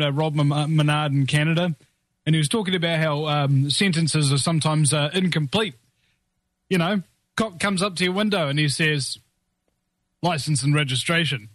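A man's voice: on the high side, fairly bright tone, no room sound. A man hosting a radio talk show, chatting casually in a rambling, joking way with many fillers.

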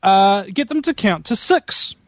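Joking guest, New man, high for a man, crude banter, dry close sound. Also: animated, measured pace, no room sound. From New Zealand. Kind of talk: casual talk show chat.

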